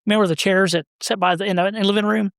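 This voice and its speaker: A man, a podcast guest telling stories about his brother in a halting, rambling way. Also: sits high, steady tone, creaky, fairly bright tone, dry recording, studio quality. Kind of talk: casual storytelling.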